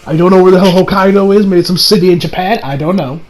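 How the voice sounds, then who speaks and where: A young man casually recapping and reviewing an anime episode, rambling and excitable, acting out quotes with sudden shouts. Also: sits high, fast talker.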